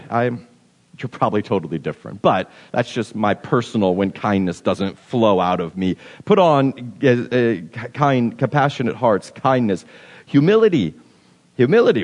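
A man giving a casual, conversational sermon as pastor, with many halting restarts. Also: mid-range voice, darkish tone. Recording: long hall reverb.

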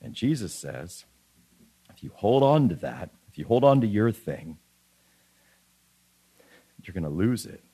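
A man's voice: fairly low pitch, big pitch swings, unhurried, pauses often, warm tone, slightly rough. A man preaching a sermon in an earnest way, often restarting and repeating phrases as he reads scripture aloud.

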